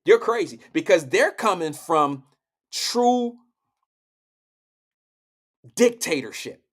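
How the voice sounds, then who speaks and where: Blunt, profane man with a high voice. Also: sing-song, slow pace, a bit bright. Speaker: live show host. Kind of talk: political commentary.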